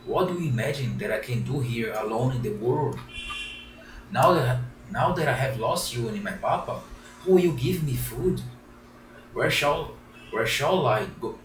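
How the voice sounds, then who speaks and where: A man's voice: medium pitch, animated, a little slow, lightly acted. A man voicing a despairing young wooden puppet boy, pleading in a raised, tearful voice. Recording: roomy, distant, faint background hiss.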